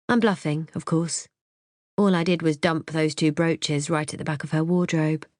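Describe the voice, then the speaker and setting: A woman narrating a first-person audiobook thriller in a measured, tense storytelling manner. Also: sits low, fairly even intonation, darkish tone, no echo, clean studio sound.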